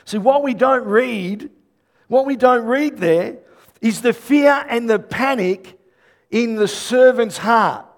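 Animated preacher with a high voice. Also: male voice, slow pace. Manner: animated storytelling, rising to loud bursts. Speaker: pastor. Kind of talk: sermon.

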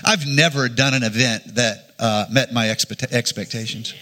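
A man's voice: medium pitch, fairly even intonation, moderate pace, bright, forceful tone. A middle-aged male pastor preaching a sermon in an earnest way, often restarting his phrases.

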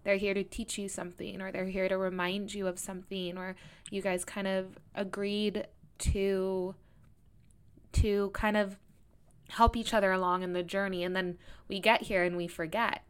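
A woman's voice: medium pitch, level tone, moderate pace, clean tone. A woman hosting a podcast, chatting casually in a loose, reflective way with trailing phrases.

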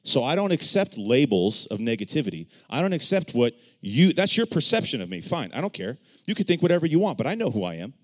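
Animated man telling a faith story. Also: medium pitch, quick pace, few pauses. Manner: animated storyteller acting out quoted dialogue; says "right?" often to check in with listeners. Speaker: church member sharing testimony. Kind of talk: casual faith discussion.

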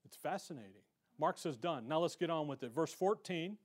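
A man's voice: a little high, expressive, normal speed. A man teaching a verse-by-verse Bible lesson, firing off punchy rhetorical questions and reading scripture aloud.

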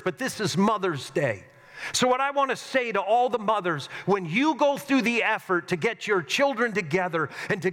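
A long hall reverb surrounds a middle-aged pastor's high, sharp-toned voice. He is preaching a sermon in a church sanctuary, earnestly telling stories and laughing at himself along the way.

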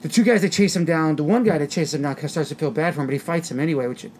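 Guy rattling off a movie plot super quick, kinda high voice, rambly and crude. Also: darkish tone, a little hiss or hum. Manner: rambling, crude jokes, bursts of laughter. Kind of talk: casual movie discussion chat.

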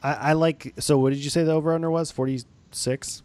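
A man's voice: a little high, fairly even intonation, fairly quick, a little mellow, dry recording. A man co-hosting a casual sports podcast, joking and laughing often, loose and a little profane. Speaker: podcast co-host.

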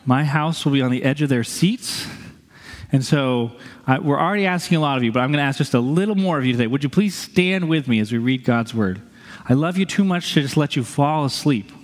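Pastor preaching in a reverberant sanctuary. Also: male voice, medium pitch, a little fast. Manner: conversational, earnest preaching with light humor. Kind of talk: sermon with scripture reading. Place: church sanctuary.

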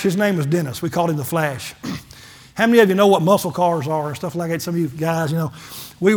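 A middle-aged man, a pastor giving a folksy testimony sermon and acting out the dialogue in his stories. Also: on the high side. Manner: folksy storytelling, acts out dialogue, gets emotional.

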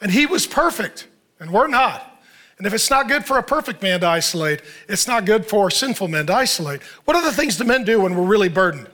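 A middle-aged pastor delivers a sermon in a relaxed, conversational way, very animated and a little fast. He throws rhetorical questions at the congregation and acts out what people might say, his high voice bright and forward.

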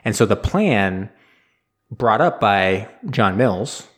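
A young adult man hosting a podcast, casually recapping a film in a rambling, animated way with bits of quoted dialogue. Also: fairly low pitch, slow. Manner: rambling, animated storyteller with laughs and quoted voices. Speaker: podcast host.

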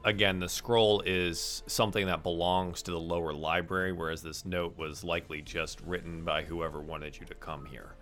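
A man narrating as game master of a tabletop game, in a measured, explanatory way. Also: low voice, level tone, fairly bright tone, soft background music.

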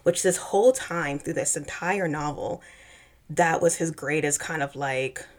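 Young woman, low-pitched, chatty, laughing a lot, casual book recap chat. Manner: chatty, laughs often, mimics characters in quick asides. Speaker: podcast co-host.

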